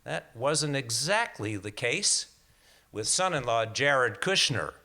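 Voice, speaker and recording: Bright-voiced older man telling stories onstage. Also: medium pitch, big pitch swings, takes it slowly. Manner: storytelling, wry, with small hesitations. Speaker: guest speaker. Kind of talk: prepared talk to an audience. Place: lecture hall before a live audience.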